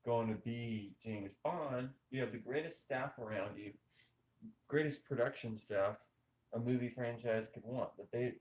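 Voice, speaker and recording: A man's voice: mid-range voice, a little hiss or hum. Guy ranting about movies on his podcast, punchy rhetorical questions, kinda echoey room. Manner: animated, emphatic, rhetorical questions. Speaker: podcast host. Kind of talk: casual opinionated chat over gameplay.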